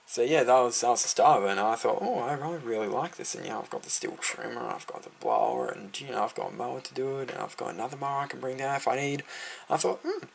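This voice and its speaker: A man's voice: medium pitch, vocal fry, slight background noise. A teenage boy with an Australian accent chatting casually about starting his lawn care business, rambling and full of fillers. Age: teens. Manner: rambling, filler-heavy, easily sidetracked. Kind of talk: casual storytelling vlog.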